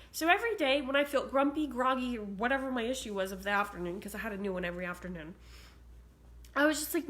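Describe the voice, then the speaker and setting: A woman's voice: fairly high pitch, fairly quick, a bit bright. A woman talking casually to her phone camera indoors, bubbly and chatty, with many "like"s. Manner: chatty, bubbly, says "like" a lot. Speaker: spiritual vlogger. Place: indoors at a house with cats.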